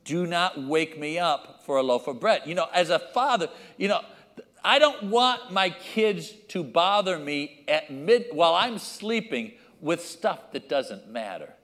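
A man preaching a sermon as pastor, acting out his children and church members with lively changes of voice. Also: fairly high pitch, unhurried, in a large hall.

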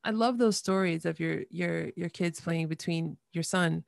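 A woman's voice: fairly low pitch, unhurried, creaky, no echo, studio quality. A woman hosting a podcast, responding encouragingly to her guest in casual conversation. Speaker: podcast host.

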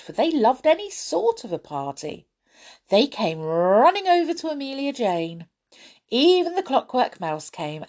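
A woman reads a children's story aloud in a slow, unhurried way. Her voice moves widely up and down with storytelling expression. She lingers on key words to build suspense. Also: medium pitch. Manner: expressive, lively, slow and deliberate.

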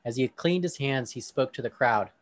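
A man's voice: medium pitch, animated, fairly quick. A man hosting a discussion, reading a scripture passage aloud with emphasis on quoted speech, then talking casually. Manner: reads with emphasis on quoted lines.

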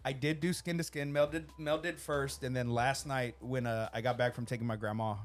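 A man's voice: medium pitch, brisk. Profane, storytelling man on a podcast. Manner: swears constantly, animated storytelling with acted-out quotes. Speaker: podcast host. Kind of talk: casual podcast chat.

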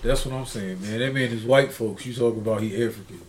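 A man co-hosting a casual podcast, joking loudly and repeating his lines for effect. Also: fairly low pitch, a little fast, a crowd in the background. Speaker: podcast co-host. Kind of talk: casual banter.

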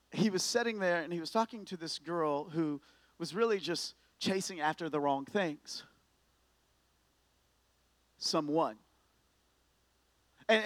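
High-voiced animated male preacher. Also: no room sound. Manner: animated storytelling, swinging from hushed to loud and emphatic; repeats words when starting sentences. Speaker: pastor. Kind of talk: sermon.

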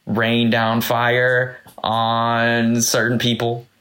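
A man's voice: medium pitch, monotone, very slow, fairly bright tone. A male podcast host talking candidly and reflectively in a casual conversation about faith. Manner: reflective, candid, laughs easily.

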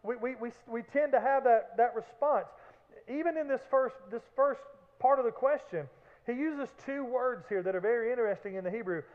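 Pastor guy preaching, fairly high voice, thin phone-like sound. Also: normal speed. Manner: animated preaching with acted-out shouts and asides. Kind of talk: sermon. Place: church sanctuary. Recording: echoey hall, phone-like band.

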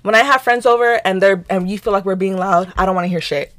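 A young woman from Nigeria, co-hosting a podcast, telling a story in casual chat, animated and profane as she acts out both sides of a quarrel. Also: medium pitch, quick pace. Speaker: podcast co-host.

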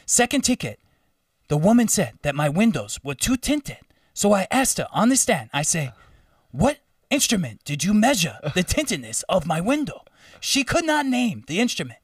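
A man's voice: sing-song, normal speed, dry recording, distant mic. A man putting on a proud African Uber driver. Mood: triumphant. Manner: emphatic, repetitive storytelling with raised pitch.

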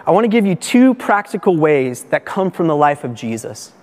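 A male pastor preaching a sermon earnestly, building to raised, animated emphasis. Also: a little high, normal speed, long reverb tail.

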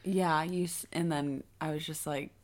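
Young woman, podcast co-host; slightly low voice, chatty with quick interjections. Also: steady tone. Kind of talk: casual chat.

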